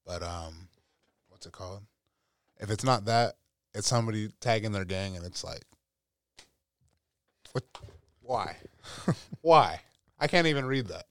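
A man's voice: lowish voice, a little fast, fairly bright tone, clear, resonant tone, dry recording, clean studio sound. A young man appearing as a guest on a casual podcast, laid-back and joking. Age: young adult. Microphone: podcast microphone.

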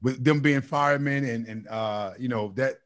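A man's voice: mid-range voice, normal speed. A man chatting casually, reminiscing animatedly and laughing as he tells family stories. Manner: animated storyteller, laughs often.

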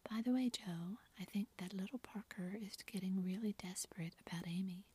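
A woman's voice: medium pitch, moderate pace, mellow, husky. A woman voicing a playful, teasing tall young man in a whispered role-play, with theatrical banter.

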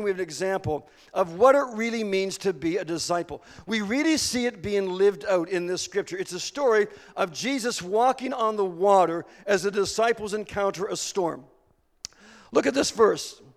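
High-voiced preacher in a reverberant hall. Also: male voice. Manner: earnest preaching, slowing for emphasis, rising to fervor. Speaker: pastor. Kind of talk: sermon.

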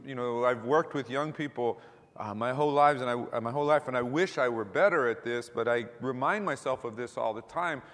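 A man's voice: medium pitch, fairly bright tone. Middle-aged male pastor, chatty sermon with restarts, mid-range voice, long hall reverb. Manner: conversational, with repeated words and asides.

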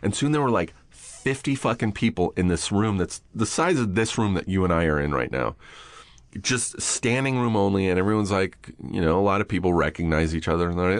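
In a small studio, a man hosts a podcast of casual chat and storytelling, cursing freely and mimicking the voices of those he quotes. His low voice has lively intonation, he talks fairly quickly, and there's no echo.

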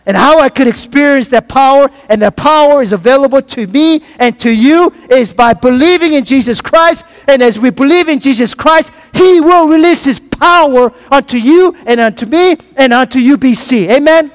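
A man's voice: very high-pitched, normal speed, hardly any pauses, big-room sound. A man preaching a sermon, asking the congregation for replies and repeating phrases for emphasis. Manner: preaching with call-and-response asides. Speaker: pastor.

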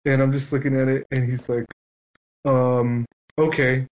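A man's voice: mid-range voice, little pitch movement, fast talker, darkish tone, low-quality recording. Give me a man in casual podcast chat who animatedly acts out a story. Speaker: guest.

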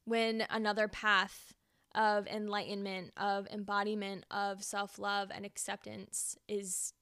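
A woman's voice: mid-range voice, flat delivery, a little slow, a bit bright, smooth, no echo, studio quality. A young woman hosting a podcast, talking earnestly through a reflective self-help monologue and repeating phrases for emphasis. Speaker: podcast host.

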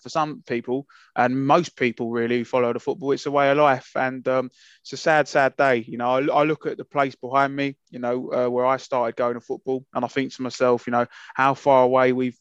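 A man's voice: medium pitch, smooth, no echo. A man co-hosting a casual podcast, talking in an impassioned, emphatic way with many fillers and restarts. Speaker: podcast co-host. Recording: muffled lo-fi, dry sound.

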